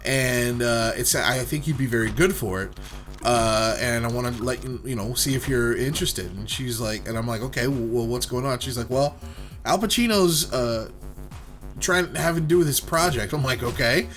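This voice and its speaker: A man's voice: mid-range voice, normal speed, fairly bright tone, soft background music. A man co-hosting a gaming show, telling a long, rambling story full of fillers. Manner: rambling, filler-heavy anecdote. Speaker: let's play co-host. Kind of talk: casual storytelling while gaming.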